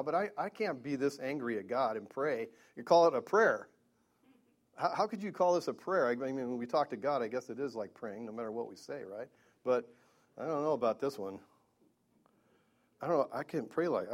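A man's voice: mid-range voice, big pitch swings, normal speed. A man preaching a Bible-teaching sermon, earnest, with stammering restarts and emphatic peaks.

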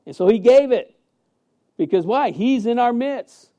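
A man preaching a sermon as pastor in a church sanctuary, emphatic and animated, with many fillers and restarts. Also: extremely high pitch, measured pace, lo-fi sound.

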